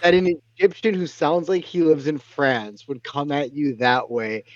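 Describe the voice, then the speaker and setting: A man's voice: a little high, steady tone, normal speed, no echo. A male caller on a live stream, arguing in a heated, ranting way. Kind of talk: casual live-stream call-in. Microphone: remote call audio. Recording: dull, dry remote call audio.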